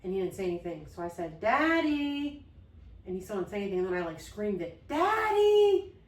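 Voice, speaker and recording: Woman co-host, heartfelt and earnest, lower voice, echoey room, set back from the mic. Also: fairly even intonation, rapid-fire, mellow, far from the mic. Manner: earnest, open, loses her train of thought. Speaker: podcast co-host. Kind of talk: heartfelt conversation about grief.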